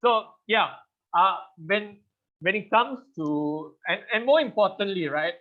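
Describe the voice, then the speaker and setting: A man in his thirties with a high voice leads a public speaking class over a video call. He is animated, laughs often and keeps asking the audience questions. The sound is dull and lo-fi. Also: unhurried. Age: 30s. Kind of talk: online class presentation.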